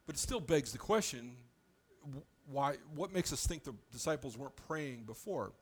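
A man delivering a sermon as a pastor, with a mid-pitched voice of ordinary height. He preaches conversationally and plainly, often breaking off and restarting a phrase as he works through his explanation. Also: lively intonation, moderate pace, husky.

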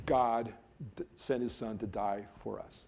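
A man's voice: lowish voice, fairly even intonation, a little slow, creaky, a little mellow. Man preaching a conversational sermon. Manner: conversational, joking asides between earnest preaching. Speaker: pastor.

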